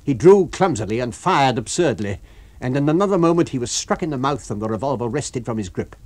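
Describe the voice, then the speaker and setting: A man narrating an abridged novel for radio in a measured, expressive storytelling manner. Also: medium pitch. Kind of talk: abridged audiobook reading for radio.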